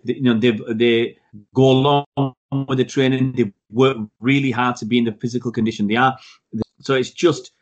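A man's voice: medium pitch, steady tone, moderate pace, lo-fi sound. A man co-hosting a podcast, talking about football in an emphatic, opinionated way. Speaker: podcast co-host. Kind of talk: casual football chat.

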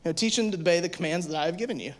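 A man with a slightly high voice gives a youth sermon. He talks casually and with lots of energy, full of "like", and slips into quick acted-out voices to make his point. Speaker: youth pastor.

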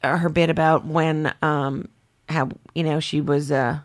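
A woman's voice: low voice, unhurried. A woman from Canada, a comedian, chatting animatedly as a guest and slipping into impressions. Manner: animated storyteller who slips into impressions. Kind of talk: casual interview chat.

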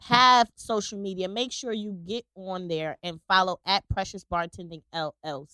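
A woman's voice: mid-range voice, fairly even intonation, sharp tone, clean tone, no room sound. A woman co-hosting a casual podcast, bubbly and enthusiastic. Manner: bubbly, enthusiastic, quick to laugh. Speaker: podcast co-host.

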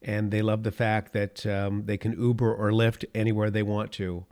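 A middle-aged podcast host with a fairly low, clear, resonant and slightly mellow voice offers political commentary at a normal speed in a level tone. He is sarcastic, gets fired up and then reins himself back in, chuckling at his own points.

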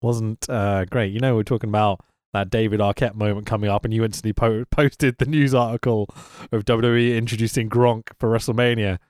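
A man co-hosting a wrestling podcast in casual chat, swearing freely, laughing often and rambling quickly. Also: on the low side, steady tone, darkish tone, dry recording, clean studio sound.

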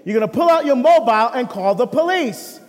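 A man from the United States preaching a sermon as a deacon, lively and full of rhetorical questions. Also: extremely high pitch, brisk, long reverb tail.

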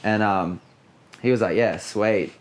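A man's voice: lowish voice, measured pace. A man in his late twenties with an Australian accent, a guest surfer telling a story in a casual, laid-back way, full of swearing and filler words.

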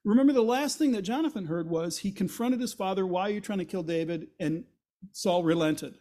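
High-voiced pastor retelling scripture. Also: male voice, fairly quick. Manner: retells scripture in lively, casual storytelling; acts out quoted voices with rising intensity. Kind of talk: sermon.

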